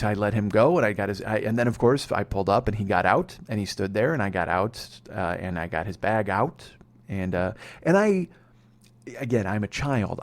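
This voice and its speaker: A man's voice: on the low side, darkish tone. A man in his forties, a comedy podcast host telling a rambling, profane, sardonic story. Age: 40s.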